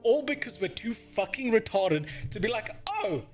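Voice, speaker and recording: A man's voice: sits high, lively intonation, moderate pace, faint music behind. A man from Africa, livestreaming and ranting in casual, profane, exasperated talk. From South Africa.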